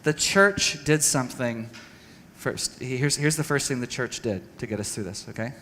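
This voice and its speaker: A man giving an earnest, halting talk to a church audience, telling a personal story and acting out conversations. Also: mid-range voice, a bit bright, long reverb tail, a little hiss or hum. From United States. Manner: earnest, halting with restarts, acts out dialogue. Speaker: speaker at a church training session. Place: church hall.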